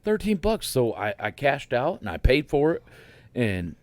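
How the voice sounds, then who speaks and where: A man's voice: medium pitch, very animated, a little slow, no room sound. A man co-hosting a podcast, rambling casually, laughing a lot and acting out what he said. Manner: rambling, laughs often, acts out quotes. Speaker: podcast co-host.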